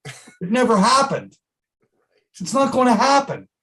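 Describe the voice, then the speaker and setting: A man's voice: extremely high pitch, very animated, measured pace, sharp tone. A middle-aged man, a musician guest in a casual interview, talking emphatically, repeating himself and swearing freely.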